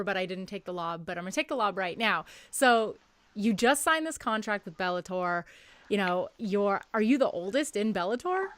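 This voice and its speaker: A woman's voice: mid-range voice, fairly bright tone, no echo. A woman hosting a podcast who interviews her guest casually in an eager, encouraging way. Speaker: podcast host.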